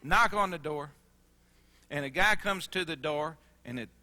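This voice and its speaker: A man giving a storytelling sales presentation, acting out dialogue and dropping soft and quiet for emotional moments. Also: on the high side, measured pace, big-room sound. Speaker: sales trainer.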